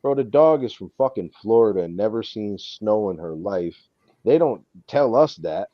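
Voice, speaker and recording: A man's voice: lowish voice, expressive, moderate pace, no echo, muffled recording. A man telling profane stories from home in casual chat, now and then mimicking others in a raised voice. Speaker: co-host on comic unboxing stream.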